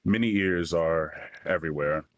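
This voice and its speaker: A man's voice: very deep voice, normal speed, no room sound. A man playing a polite, wary character in a tabletop game, speaking hesitantly and searching for words. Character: polite, wary young man seeking help.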